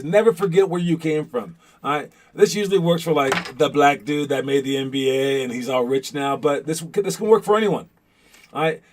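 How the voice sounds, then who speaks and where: A man's voice: a little high, noisy background. Rambling young man hosting a hoops show. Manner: rambling, many restarts and "all right?" check-ins. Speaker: host of a youth basketball show. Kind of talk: casual motivational talk.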